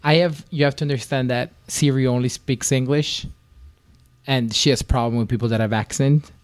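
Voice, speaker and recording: Animated Italian-accented man. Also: moderate pace, clear, resonant tone, no echo. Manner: animated storyteller, mimics a phone voice high. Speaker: podcast co-host. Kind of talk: casual chat.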